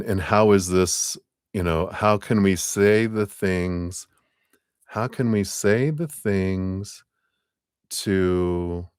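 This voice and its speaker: A man giving a live tarot reading to a client, talking in a casual, gentle, rambling way with many fillers. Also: sits low, smooth, dry recording, studio quality. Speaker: tarot reader.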